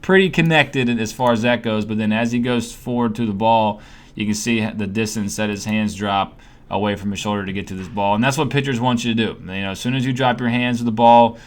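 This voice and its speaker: A young man talks over video as a hitting coach, in a slightly low voice. He explains the swing conversationally, full of "um"s, "you know"s and restarts. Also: fairly quick. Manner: conversational, many fillers and restarts.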